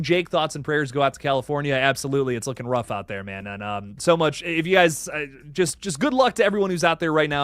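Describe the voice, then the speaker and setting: A young adult man, hosting a casual live stream and chatting in an excitable, rambling way with many fillers. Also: mid-range voice, dry recording. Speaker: horror news streamer.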